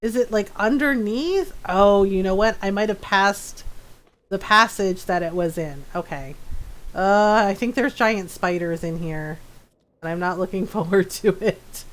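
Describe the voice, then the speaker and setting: A woman's voice: medium pitch, animated, unhurried. A woman game streamer chatting casually while she plays, rambling and laughing through her stories. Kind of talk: casual live-stream chat while playing.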